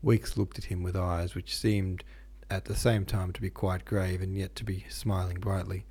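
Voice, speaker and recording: A man hosting a podcast, reading a classic novel aloud in steady, measured narration. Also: sits low, husky. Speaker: podcast host and reader. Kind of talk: audiobook narration.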